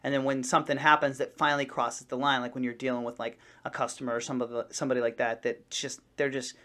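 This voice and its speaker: A man co-hosting a casual podcast, telling stories in a rambling, animated way with many restarts. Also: mid-range voice, quick pace. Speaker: podcast co-host. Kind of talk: casual chat.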